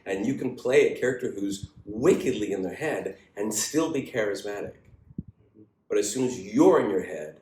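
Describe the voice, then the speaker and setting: A man teaching an acting class in a casual, animated way, swearing freely and acting out the lines he quotes. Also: moderate pace, roomy sound, a little hiss or hum. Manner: animated, profane, acts out quoted lines with big pitch jumps.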